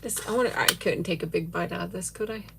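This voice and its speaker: A middle-aged woman hosts a casual livestream, tasting a sweet and giggling often as she gushes thanks to viewers by name. Her voice sits on the low side and is creaky, her pace is quick, and the background is noisy.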